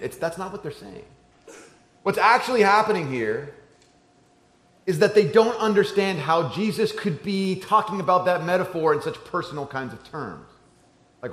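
A man preaching a sermon to a church crowd, talking like a conversation and moving between hushed and emphatic passages. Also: high-pitched, expressive, normal speed. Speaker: pastor. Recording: roomy church echo.

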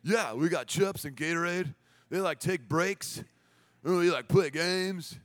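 A man's voice: fairly high pitch, slow, a bit bright, in a large hall. A man voicing a laid-back young male skate camp worker, drawling and easygoing.

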